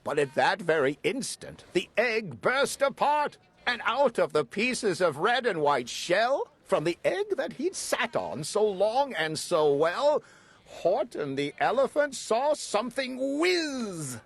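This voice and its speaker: A man reading a rhyming children's story aloud in an animated, sing-song way, acting out the characters. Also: sits high, takes it slowly, gravelly. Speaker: storybook reader.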